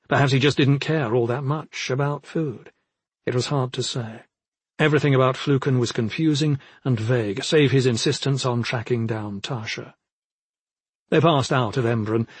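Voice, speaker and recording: A man narrating an audiobook in a steady, even way, his mid-range voice slightly husky. The sound is dry and close, with no room echo. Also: mid-range voice.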